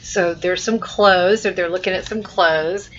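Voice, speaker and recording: A woman's voice: fairly low pitch, fairly even intonation, measured pace, fairly bright tone. A woman teacher giving a recorded mini-lesson. She explains through everyday examples, repeats and restarts phrases as she thinks aloud, and reads sample lines to show expression. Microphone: laptop webcam mic. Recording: muffled lo-fi webcam recording.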